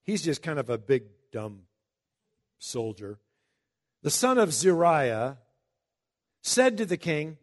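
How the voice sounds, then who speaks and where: A man preaching a Bible-teaching sermon in a conversational way, reading scripture slowly and breaking into emphatic asides. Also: on the high side, sing-song. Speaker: pastor.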